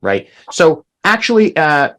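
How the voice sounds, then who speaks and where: A man's voice: fairly high pitch, big pitch swings, a little slow, a bit bright. A man teaching a language class over a video call, explaining patiently and checking in with "right?".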